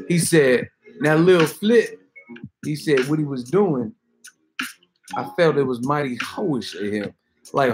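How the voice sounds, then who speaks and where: Brief: casual stream host, male, mid pitch, cussing, rambling, music under voice. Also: low-quality recording. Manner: profane, rambling, jokey. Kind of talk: late-night livestream chat. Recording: music playing clearly behind.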